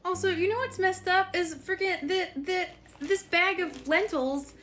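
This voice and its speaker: A young woman from the American South rambles and chats while cooking for her vlog, often interrupting herself. Her very high voice is a bit bright and measured in pace, with a little hiss or hum, and the mic sits far off in an echoey home kitchen.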